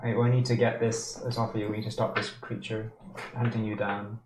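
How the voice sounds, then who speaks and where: A man's voice: fairly low pitch, flat delivery, brisk, crowd noise. A man playing a tabletop game, hesitant and stammering as he talks. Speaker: player. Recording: echoey room, faint noise.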